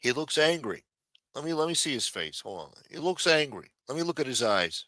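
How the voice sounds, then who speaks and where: A man's voice: medium pitch, very animated, brisk, sharp tone, no echo, studio quality. A man hosting a live commentary stream, sarcastic, profane and mocking as he talks. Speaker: livestream host.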